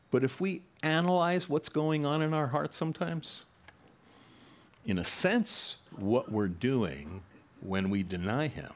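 A male pastor delivers a sermon in a fairly low voice. He reads a passage, then wanders into chatty asides and pointed questions put to his listeners. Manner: conversational preaching with asides and rhetorical questions.

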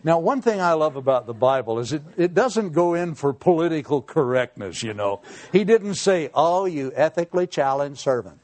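A man preaches a folksy, humorous sermon, his voice sitting a little high. He swings up and down with lively pitch and drops quiet for serious points. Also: moderate pace, a little hiss or hum. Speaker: pastor.

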